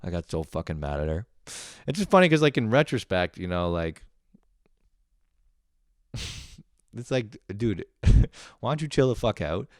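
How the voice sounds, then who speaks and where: A man's voice: on the low side, big pitch swings, unhurried, long pauses, dry recording, studio quality. A young man hosting a podcast, telling a profane comedic story and acting out family members in shifting voices. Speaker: podcast host.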